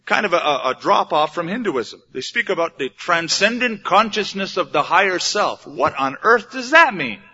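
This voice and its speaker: A man's voice: high-pitched, very animated, moderate pace, few pauses, bright, forceful tone, husky. A man preaching a sermon as a pastor, plain-spoken and conversational, asking the audience rhetorical questions. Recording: dull lo-fi recording.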